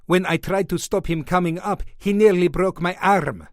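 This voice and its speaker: A man voicing a small, excitable Greek doorman with a heavy Greek accent who complains indignantly. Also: sits high, normal speed, dry recording, clean studio sound, pitched above the performer's own voice. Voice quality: agitated, complaining.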